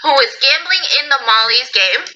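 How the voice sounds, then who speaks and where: A woman's voice: high voice, moderate pace, dull audio. A woman hosting a storytelling video, chatting casually and acting out people's lines with sass. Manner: animated, acts out characters' lines with sass.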